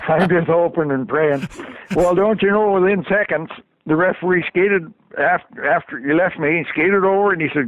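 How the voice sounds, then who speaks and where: A man's voice: a little high, sing-song, normal speed. An older man, a former hockey trainer, telling stories and chuckling often as an interview guest. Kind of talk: anecdotal storytelling. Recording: tinny dry phone line.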